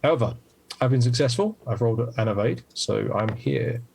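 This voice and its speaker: A man's voice: medium pitch, lively intonation, normal speed, gravelly, a little mellow, slightly rough. A man, a game designer, patiently explaining the rules while demoing his board game, with many fillers.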